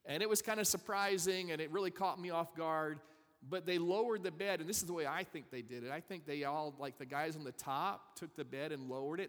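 A pastor teaching a sermon, reading verses aloud and explaining them with lively asides to his listeners. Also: fairly high pitch, in a large hall.

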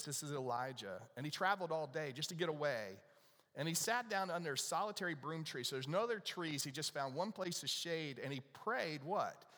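A man's voice: a little high, a bit bright, in a large hall. A man preaching a sermon to a congregation, talking to them in a conversational way and asking them questions. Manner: conversational, asks the audience questions. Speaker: pastor.

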